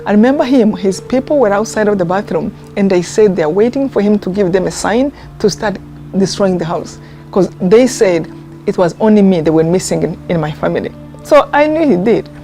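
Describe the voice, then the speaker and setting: A woman, telling a personal story in a documentary interview, earnest and heartfelt, often pausing and restarting. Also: medium pitch, animated, mellow, faint music behind. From Rwanda. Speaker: interviewee, genocide survivor.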